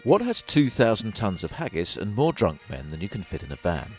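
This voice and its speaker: A man narrating a mock documentary in a deadpan, jokey way. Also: fairly low pitch, fairly quick, soft background music. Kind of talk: scripted narration.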